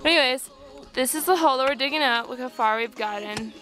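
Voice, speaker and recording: A woman's voice: high-pitched, fast talker, sharp tone, soft background music. A woman doing a joking announcer bit for the camera in a put-on, wobbly accent, outdoors. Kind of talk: mock presenter bit for the camera.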